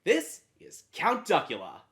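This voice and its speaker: A man's voice: sits high, huge pitch swings, unhurried, a bit bright, slightly rough. A man narrating a scripted retrospective about children's television in a wry, playful way. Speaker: host of a retrospective show.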